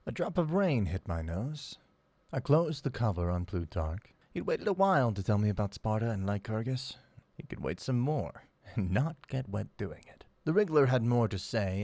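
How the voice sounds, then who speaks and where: A man narrates a first-person audiobook in a wry, sardonic tone. His voice is low and gravelly, and it sounds close and dry with no room around it. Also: darkish tone, no room sound.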